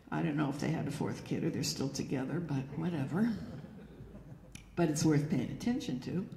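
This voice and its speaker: A woman's voice: sits low, lively intonation, brisk, gravelly, warm tone. A woman giving an educational talk to an audience, telling anecdotes and acting out the quoted dialogue. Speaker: lecturer. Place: church hall. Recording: echoey hall with long reverb.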